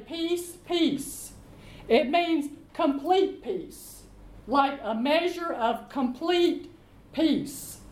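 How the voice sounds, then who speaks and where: Slow, high-voiced woman teaching Bible study. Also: darkish tone. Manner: slow, deliberate, reads scripture aloud and explains it. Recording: echoey room.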